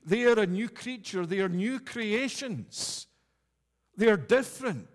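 A man's voice: high-pitched, animated, a little slow, in a large hall. A man preaching a communion sermon in a church, earnest and repeating key phrases for emphasis. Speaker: pastor.

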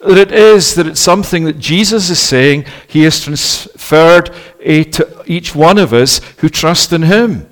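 Earnest preacher, raised voice. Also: male voice, a little high. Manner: earnest, measured delivery with frequent "eh" fillers and "it is that" phrasing. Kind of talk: sermon.

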